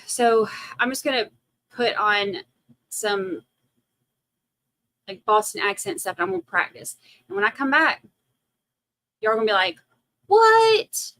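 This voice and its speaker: A woman's voice: mid-range voice, expressive, moderate pace, pauses often, pushed and bright, no echo, low-quality recording. A woman from Massachusetts hosting a livestream, chatting casually and joking at her own expense while reading viewer comments aloud. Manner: jokey, self-teasing, reads viewer comments aloud. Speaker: livestream host.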